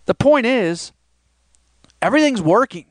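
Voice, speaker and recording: A man's voice: extremely high pitch, lively intonation, a little slow, no room sound. A man hosting a sports podcast, talking alone in a rambling, conversational way and now and then mimicking critics' voices. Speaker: podcast host. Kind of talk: solo sports podcast monologue.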